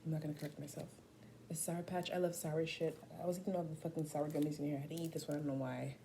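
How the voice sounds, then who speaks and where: Young woman, casual profane vlog chat, warm low voice, faint background hiss. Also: fast. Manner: profane, animated storytelling with slangy asides. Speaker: vlogger.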